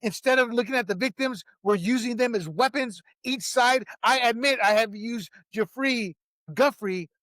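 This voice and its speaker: A man's voice: very high-pitched, moderate pace, fairly bright tone, no room sound, studio quality. A man hosting a political commentary show, talking in a heated, emphatic way and laughing at his own jokes.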